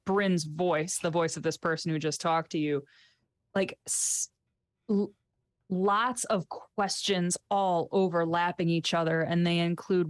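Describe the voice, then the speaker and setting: A woman's voice: on the low side, fairly even intonation, unhurried, dry recording, clean studio sound. Playful woman tabletop player. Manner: playful, laughing. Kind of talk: tabletop game play.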